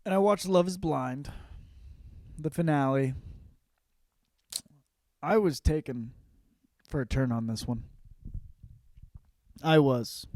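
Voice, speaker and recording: A man's voice: mid-range voice, slow pace, long pauses, darkish tone, no room sound. A young man hosting a comedy podcast, rambling and swearing through a casual monologue about movies and TV. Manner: profane, rambling, mimics movie lines. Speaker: podcast host.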